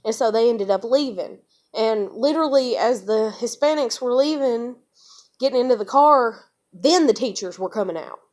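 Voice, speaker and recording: A woman's voice: on the high side, animated, normal speed, a little mellow. A young woman telling a personal story to camera in a blunt manner, swearing often and using many fillers. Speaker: vlogger.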